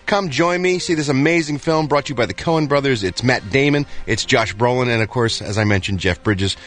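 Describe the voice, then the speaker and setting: A man's voice: medium pitch, a little fast, fairly bright tone. A man reading entertainment news on a morning radio show in a studio, playful and hammy. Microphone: studio microphone.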